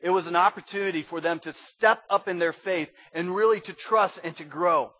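A man preaching a sermon as a pastor, dropping to a hush and rising to loud pleading. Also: high voice, fairly quick, dry recording, highs cut off. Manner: swings from hushed to loud pleading.

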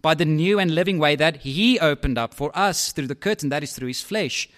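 A man preaching a sermon in a lively, conversational way, with asides to his listeners. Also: fairly high pitch, a little fast.

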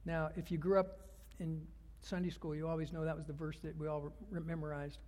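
A man preaching a sermon as a pastor, earnest, dropping to hushed whispers and rising to loud fervor. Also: on the high side, level tone, brisk. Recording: long hall reverb.

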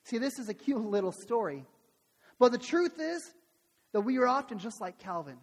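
A man's voice: extremely high pitch, big pitch swings, moderate pace, long reverb tail. A man preaching a sermon, earnest, with rhetorical questions and repeated phrases. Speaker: pastor.

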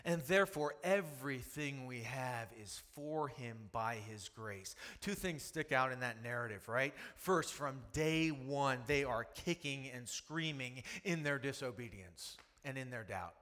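A man's voice: medium pitch, measured pace, few pauses, fairly bright tone, long reverb tail. A man preaching a sermon with emphasis, repetition and rhetorical questions. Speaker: pastor.

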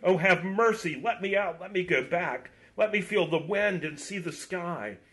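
A man's voice: high-pitched, moderate pace, fairly bright tone, pitched above the performer's own voice. A man playing a tormented enchanted knight. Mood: anguished. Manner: pleading, anguished, rising to cries.

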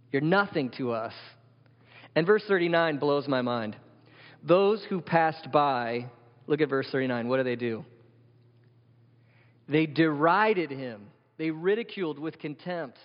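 A man preaching a sermon as pastor, vivid and emphatic, asking the congregation rhetorical questions. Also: a little high. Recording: dull sound with long hall reverb.

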